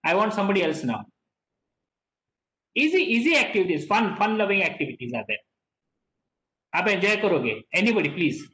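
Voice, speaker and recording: A middle-aged man with an Indian English accent teaches an online class in a high, lively voice that swings up and down. He repeats himself and leans on key words. The sound carries a noticeable room echo. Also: fast, long pauses. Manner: repeats words, stresses key words, mixes in Hindi.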